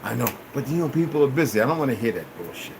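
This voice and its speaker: A man ranting on a livestream, cursing a lot and swinging between loud outbursts and low mutters. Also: big pitch swings, rapid-fire, vocal fry, background noise. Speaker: livestream host. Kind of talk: rambling livestream rant.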